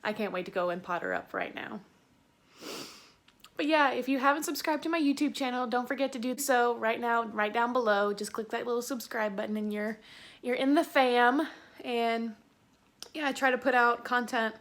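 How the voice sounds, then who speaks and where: A young woman from Tennessee with a Southern accent, chatting excitedly through a plant unboxing on her vlog. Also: fairly high pitch, moderate pace. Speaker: plant YouTuber.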